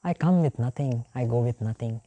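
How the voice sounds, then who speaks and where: Indian woman teacher, low mellow voice, lively storytelling lecture. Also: fairly quick. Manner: animated storytelling, acting out the characters' voices. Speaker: yoga and scripture teacher.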